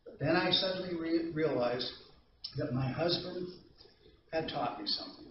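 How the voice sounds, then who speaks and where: Male trainer, slightly high voice, tells stories and asks the room questions, recorded from a distance in an echoey room. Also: normal speed, dull audio, a little hiss or hum. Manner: conversational storytelling, asks the audience questions. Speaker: anger management trainer. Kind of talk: training presentation to a live audience.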